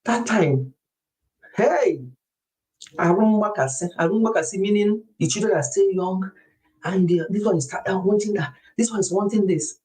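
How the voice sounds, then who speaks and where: A middle-aged woman hosting a wellness show, chatting to a group in a lively, confiding storytelling way. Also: medium pitch, moderate pace, rough recording. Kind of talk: casual chat to a group.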